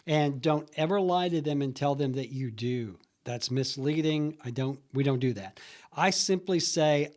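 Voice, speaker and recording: A man's voice: on the high side, normal speed, a little mellow. A man teaching real estate agents how to cold call home sellers, in a plain, conversational way that acts out both sides of his phone calls. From Huntsville, Alabama area. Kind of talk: training talk.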